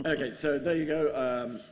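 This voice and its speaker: A man's voice: medium pitch, fairly even intonation, measured pace, darkish tone. A man, a game developer, chatting casually on a convention panel, hesitant with many ums. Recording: echoey hall with faint background noise.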